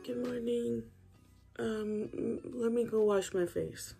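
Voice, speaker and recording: A young woman with a slightly hoarse morning voice, chatting casually while doing her morning routine for a vlog. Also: a little high, takes it slowly, warm tone, faint music behind. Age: young adult. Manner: chatty, rambling, self-deprecating. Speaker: beauty vlogger. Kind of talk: casual get-ready-with-me chat.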